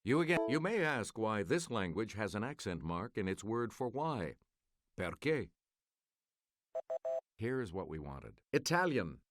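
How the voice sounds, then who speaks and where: A man hosting a quiz game, reading clues and answers in a crisp, measured announcer delivery. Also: on the low side, sing-song. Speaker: quiz show host.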